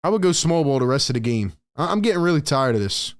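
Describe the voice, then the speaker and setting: A man's voice: on the high side, sing-song, fast. A young American man hosting a live stream, calling the plays and venting his frustration to the chat in blunt, casual slang. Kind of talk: live play-by-play and reaction stream.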